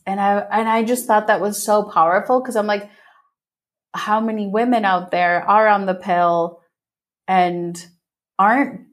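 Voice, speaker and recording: A woman hosting a podcast in a casual interview, animated and effusive, laughing often and swearing freely. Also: medium pitch. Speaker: podcast host.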